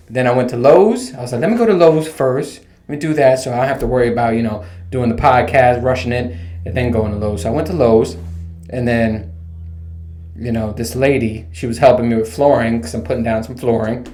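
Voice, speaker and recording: A man's voice: medium pitch, brisk. A man in his thirties hosting a casual solo podcast, ranting and telling stories with plenty of swearing. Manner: animated, profane, rambling storytelling. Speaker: podcast host. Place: home room with bare walls. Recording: echoey untreated room.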